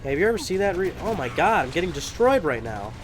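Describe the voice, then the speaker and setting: A man's voice: fairly high pitch, sing-song, fast, over music. Rambling, swearing young man gaming. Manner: rambling, profane, laughs often. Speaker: gameplay commentator. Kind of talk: casual let's play commentary.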